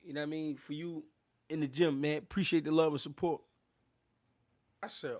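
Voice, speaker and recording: A man hosting a casual boxing live stream, talking loose and unscripted in street slang. His voice sits a touch high for a man. He rambles, laughs often and keeps thanking his viewers. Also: fairly even intonation, moderate pace, long pauses, darkish tone. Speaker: boxing livestream host.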